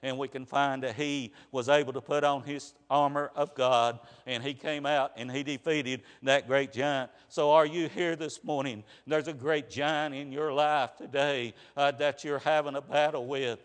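A man preaching a sermon in an earnest, plain way, often pausing with "uh" and restarting phrases. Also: medium pitch, steady tone. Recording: reverberant hall.

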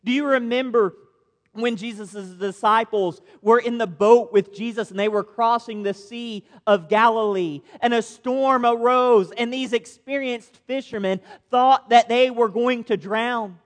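A man's voice: extremely high pitch, steady tone, a little slow. A man preaching a sermon as a pastor, earnest and posing rhetorical questions to his listeners. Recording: long reverb of a large hall.

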